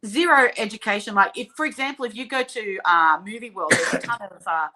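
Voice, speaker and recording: An Australian woman hosting a casual chat, talking in an animated way and often trailing off mid-sentence. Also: medium pitch, a little fast, background noise. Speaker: host.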